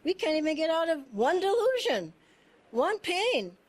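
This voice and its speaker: A woman with a high voice gives a casual spiritual talk, speaking earnestly about her experiences. Her delivery is animated and heartfelt, and she laughs often and circles back over her own phrases as she tells her stories. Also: unhurried. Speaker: satsang speaker. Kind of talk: informal spiritual storytelling.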